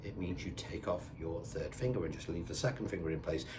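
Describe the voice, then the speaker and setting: A deep-voiced older man talks fairly quickly while giving a casual beginner guitar lesson. Strumming his own acoustic guitar, he counts the beats out loud.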